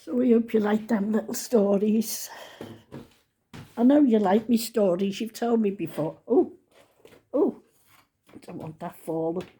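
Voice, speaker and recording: A woman's voice: mid-range voice, unhurried, pauses often, warm tone, breathy edge. A woman in her seventies chatting casually to her followers, rambling and fond. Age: 70s. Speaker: vlogger. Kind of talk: casual chat to camera.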